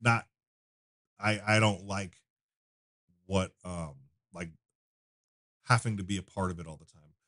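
Low-voiced man telling stories casually. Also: measured pace, pauses often, sharp tone. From United States. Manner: loose storytelling with frequent fillers and restarts. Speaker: podcast guest, donut shop owner. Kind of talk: casual conversation.

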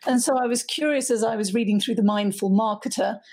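An enthusiastic woman host leads an interview, her questions eager and lively. Her voice is gravelly and husky, with a dark, mellow tone. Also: a little high, a little fast. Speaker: podcast host and author. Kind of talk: interview hosting.

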